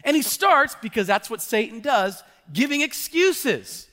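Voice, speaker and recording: A man's voice: very high voice, big pitch swings, measured pace, sharp tone. A male pastor preaching a fervent sermon, often restarting his sentences and stepping into asides. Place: church sanctuary. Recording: long church hall reverb.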